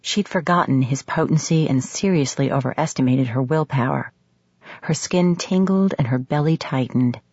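A woman narrating a romance audiobook in a measured, sultry manner. The recording sounds slightly muffled. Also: very deep voice, darkish tone, slightly rough, no echo.

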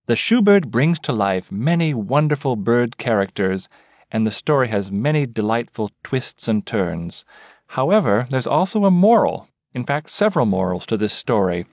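A man interviewing a guest, asking measured, prepared questions. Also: medium pitch, sing-song, darkish tone, no room sound, studio quality.

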